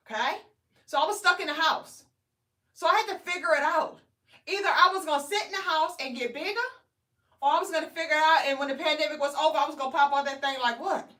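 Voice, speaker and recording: Bright high-voiced woman, chatty vlogger. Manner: chatty, keeps tagging "okay?" and "guys". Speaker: weight loss vlogger. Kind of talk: live-streamed motivational talk to viewers. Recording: distant from the mic.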